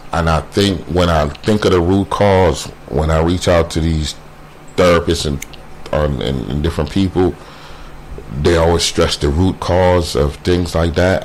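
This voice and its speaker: A man telling a painful personal story in a casual way, halting often with fillers and repeated words. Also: deep voice, slight background noise. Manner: quotes others in a brisk voice.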